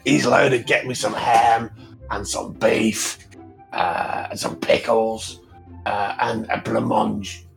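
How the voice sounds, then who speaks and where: Man playing a rowdy drunk old dwarf, loud and demanding, slow heavy delivery, tabletop game. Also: on the low side, steady tone, vocal fry, soft background music, full character voice. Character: obnoxious drunk old male dwarf noble.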